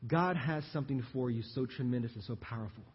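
A middle-aged man preaching a sermon as pastor, calling out to the congregation and moving between loud appeals and hushed, slow passages. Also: mid-range voice, husky. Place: church sanctuary. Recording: dull muffled live church recording with long reverb.

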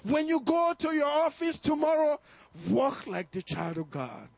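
A male pastor preaching a fervent sermon to his congregation, exhorting them with bursts of shouting and chuckles. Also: very high-pitched, sing-song, measured pace, vocal fry, no room sound. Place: church service.

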